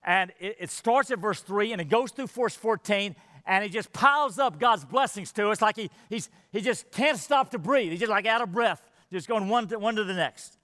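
High-voiced male preacher in a reverberant hall. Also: moderate pace, bright, forceful tone. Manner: earnest, emphatic, repeats words as he builds. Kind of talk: sermon.

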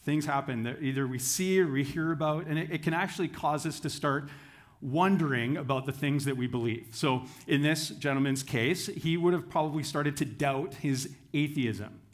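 A man's voice: fairly high pitch, normal speed. A man who is a campus pastor, preaching a sermon in a friendly, joking storyteller's manner.

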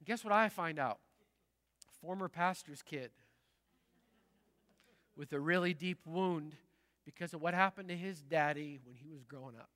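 A middle-aged man, a pastor, preaching a sermon in a large church, telling stories in a lively, conversational way. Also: fairly high pitch, a little slow, pauses often, long reverb tail. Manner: conversational storytelling, lively and animated.

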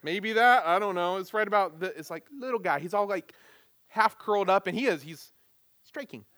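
A middle-aged man preaching as a pastor, moving from prayer into an animated, self-deprecating personal story. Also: sits high, moderate pace.

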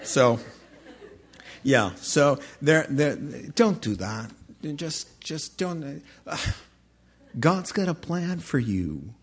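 A middle-aged man preaching a sermon as pastor, lively and humorous, with playful asides and quick self-corrections. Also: a little high, slightly rough.

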